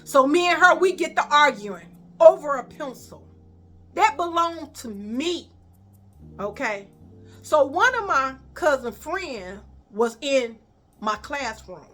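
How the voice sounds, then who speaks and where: High bright Chicago woman telling a story. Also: slow pace, faint music behind. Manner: animated, profane, addresses viewers as y'all. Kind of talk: storytime vlog.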